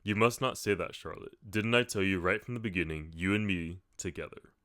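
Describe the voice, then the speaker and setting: A kindly old sailor pleads softly and earnestly, read by a man. The voice sits very low and close, in a dry, deadened booth. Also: a little fast, no echo. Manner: soft-spoken, earnest pleading.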